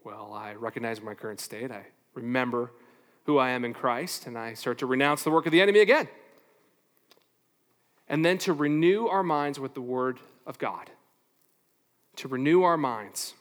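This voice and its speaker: A man preaching a sermon as pastor, animated, asking rhetorical questions and playing out little back-and-forth exchanges. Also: medium pitch, moderate pace, pauses often, big-room sound.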